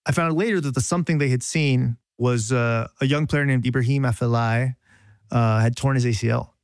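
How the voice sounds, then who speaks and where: A man's voice: medium pitch, fairly quick, dry recording, clean studio sound. Self-mocking man telling a rambling anecdote. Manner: self-deprecating, rambling storytelling with restarts. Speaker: journalist telling a story. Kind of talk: casual podcast anecdote.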